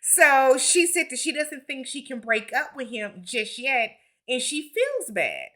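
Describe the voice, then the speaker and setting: A woman's voice: high-pitched, huge pitch swings, a little slow, sharp tone. A woman giving a casual recap of a reality TV episode, with sassy, blunt commentary and slangy asides.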